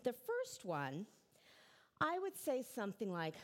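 A woman's voice: a little high, wildly swooping pitch, unhurried. A middle-aged woman pastor giving a conversational sermon in church, often checking in with "right?".

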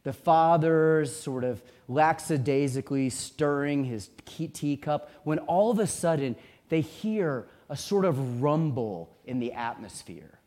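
A man preaching a sermon, telling a story in a measured, vivid way with dramatic pauses. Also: on the high side, lively intonation, darkish tone. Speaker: pastor.

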